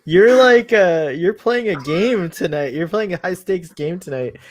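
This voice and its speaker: A man's voice: high-pitched, expressive, measured pace. A man hosting a casual live-stream chat, talking like an eager fan who laughs often. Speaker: show host.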